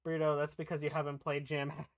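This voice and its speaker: A man's voice: on the high side, monotone, fast. A man streaming live, making casual joking asides to his chat, with game music behind.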